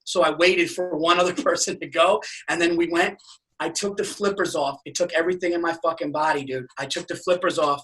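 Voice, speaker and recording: A man's voice: on the high side, fairly quick, recorded from a distance, rough recording. A man telling a long, profane story in casual podcast chat, acting out the voices of the people in it. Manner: animated storyteller, profane, acts out quotes. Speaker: podcast guest.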